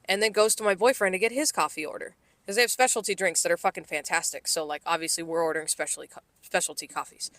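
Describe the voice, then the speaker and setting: A woman's voice: lowish voice, fairly even intonation, fast talker, a bit bright, no echo. A woman co-hosting a podcast, telling a story in a casual, exasperated and profane way. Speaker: podcast co-host.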